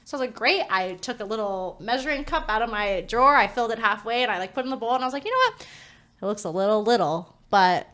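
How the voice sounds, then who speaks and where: A woman co-hosting a podcast, telling a story in casual chat, animated and laughing, full of filler words. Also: a little high, quick pace, hardly any pauses. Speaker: podcast co-host.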